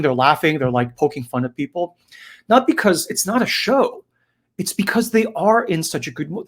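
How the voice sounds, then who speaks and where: Man giving an animated spiritual talk. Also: on the high side. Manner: animated, conversational, often asks "right?". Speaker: spiritual teacher. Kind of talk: reflective spiritual talk on a folktale.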